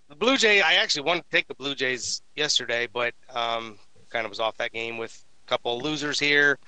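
Betting podcast guy, really bright sharp voice, smooth and dry. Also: medium pitch, brisk, no room sound, rough recording. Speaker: sports betting podcast co-host. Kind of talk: casual podcast chat.

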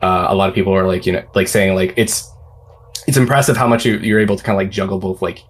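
A man's voice: low voice, fairly even intonation, fast, husky. A man, a game developer hosting a panel, talking easily with many fillers. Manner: easygoing, filler-heavy, laughs readily. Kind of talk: casual panel chat.

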